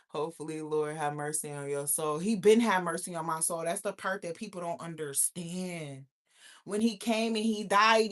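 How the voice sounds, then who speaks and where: A woman hosting a casual livestream, animated and profane, preaching and answering chat comments. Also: mid-range voice. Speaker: livestream host.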